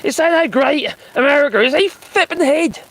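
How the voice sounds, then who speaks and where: A man with a high voice streams live from his phone, reacting to a speech in a casual way. He is sarcastic and mocking, and drops swear words between dry chuckles. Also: normal speed, a bit bright, rough recording.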